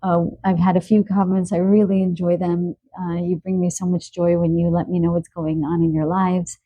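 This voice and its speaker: A woman giving a spoken tarot card reading, a little stuffy from allergies and clearing her throat, talking softly and earnestly with emotion. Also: fairly low pitch, flat delivery, normal speed, narrow, tinny audio. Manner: soft, earnest, emotional about animals.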